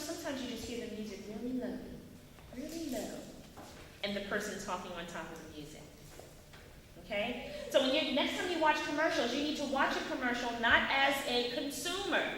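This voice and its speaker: A woman leading an acting workshop, animated and quizzing her class with questions, heard from afar in an echoey hall. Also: sits high. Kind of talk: classroom teaching. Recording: echoey hall, mic far off, faint noise.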